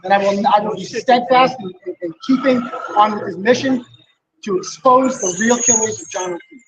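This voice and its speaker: A man's voice: very high-pitched, lively intonation, normal speed, noisy background. A man, an independent reporter, giving a defiant, emphatic statement to the press outside a courthouse. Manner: defiant, emphatic, talking over a crowd of reporters.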